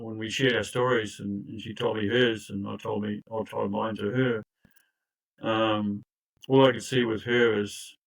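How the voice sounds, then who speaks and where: A man's voice: on the low side, gravelly, rough recording. An older man, a recovery coach telling his own story in an earnest, emphatic way with frequent restarts and asides. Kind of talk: personal storytelling in conversation.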